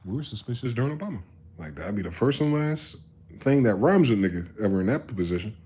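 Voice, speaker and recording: A man in his thirties giving a rambling, profane live-stream monologue, moving between quiet musing and loud ranting. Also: on the low side, expressive, quick pace, slightly rough.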